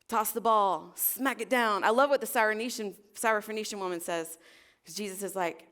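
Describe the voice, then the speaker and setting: A woman preaches a relaxed, conversational sermon to her congregation. She is chatty and self-deprecating and tosses questions out to the room as she goes. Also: mid-range voice, a little fast. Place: church service.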